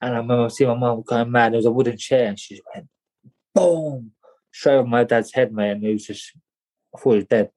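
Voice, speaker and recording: A man telling a personal story in an interview, halting and repeating words, often saying "mate". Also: mid-range voice, steady tone, a little mellow. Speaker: guest.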